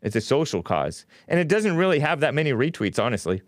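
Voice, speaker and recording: A man's voice: on the high side, big pitch swings, a little fast, no echo, clean studio sound. A man hosting a talk show, delivering a rambling, opinionated monologue with frequent restarts. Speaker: host.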